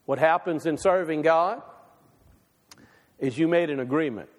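Man preaching a folksy sermon in a reverberant hall. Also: measured pace. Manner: folksy, conversational preaching with wide swings in pitch and loudness. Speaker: pastor. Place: church sanctuary.

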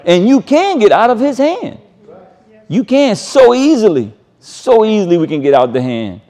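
A man's voice: high-pitched, big pitch swings, normal speed, mellow. A man teaching a sermon, reading scripture aloud and commenting in an emphatic, casual way, repeating his key phrases and chuckling between points. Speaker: Bible teacher.

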